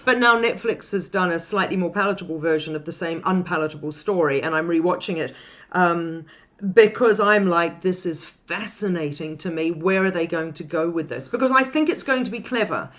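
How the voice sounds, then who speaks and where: Chatty, animated woman podcast host. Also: lowish voice, a little fast. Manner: chatty, animated, tangents and asides. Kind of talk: casual film discussion.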